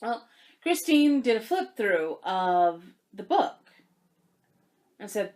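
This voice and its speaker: A young woman vlogging about cross-stitch, telling a story in a chatty, animated way and getting emotional. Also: mid-range voice, takes it slowly, pauses often. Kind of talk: casual chat to camera.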